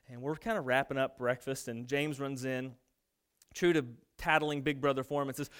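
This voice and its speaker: High clear-voiced male pastor. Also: normal speed, a bit bright. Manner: storytelling, acts out quoted family voices. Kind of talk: sermon with personal stories.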